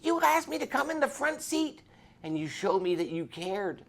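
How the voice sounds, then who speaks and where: A storyteller voicing a tough, violent male biker who confesses in halting, emotional bursts. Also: mid-range voice, very animated, pitched above the performer's own voice. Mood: agitated.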